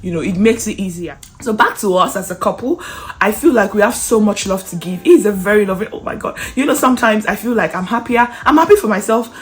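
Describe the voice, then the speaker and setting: A woman's voice: medium pitch, fast. Chatty young woman vlogger, laughing often. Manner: animated, laughs often while talking. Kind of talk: casual chatty storytelling to camera.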